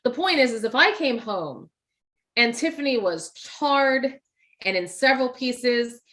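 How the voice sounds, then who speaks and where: A woman co-hosting a casual movie talk show, animated and acting out quoted lines as she retells scenes. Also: on the high side, measured pace. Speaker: podcast co-host.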